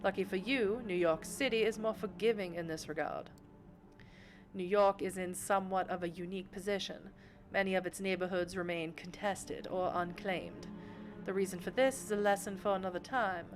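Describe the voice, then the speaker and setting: Woman voicing a Southern belle vampire patroness, Southern US drawl, gracious, measured, mid-pitched. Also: steady tone, music in the background, natural voice. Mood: instructive. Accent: Southern US, put on.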